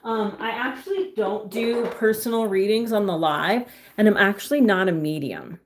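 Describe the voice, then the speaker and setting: A young woman chatting casually on a livestream, giving tarot readings to viewers, full of "like" and "um" fillers and warm pet names. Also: medium pitch, moderate pace. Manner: chatty, filler-heavy with frequent "like" and "um", affectionate to viewers. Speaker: livestream tarot reader and crystal seller.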